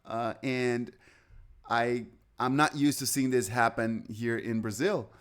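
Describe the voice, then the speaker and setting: A man's voice: medium pitch, steady tone, slow pace, fairly bright tone. A man giving live chess commentary, rambling and chatty, with anecdotes between moves.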